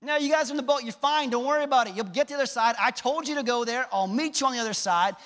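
A man's voice: very high voice, racing, a bit bright. A man voicing a carefree, joking figure strolling on water, in an echoey hall. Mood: reassuring. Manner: casual, joking.

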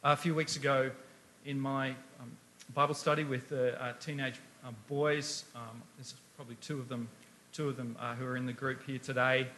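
A man's voice: mid-range voice, steady tone, normal speed, pushed and bright, slight background noise. A man preaching a sermon, emphatic, asking rhetorical questions and reading scripture aloud.

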